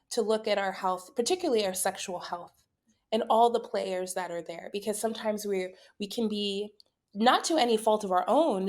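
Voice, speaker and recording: A woman speaking as an expert podcast guest, measured and thoughtful as she explains. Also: medium pitch. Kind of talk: podcast interview.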